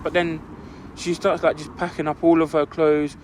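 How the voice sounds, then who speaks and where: Young man, fairly high voice, rambling, casual podcast storytelling. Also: level tone, normal speed, background noise. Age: young adult. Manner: rambling, fills with "like" constantly. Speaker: podcast co-host.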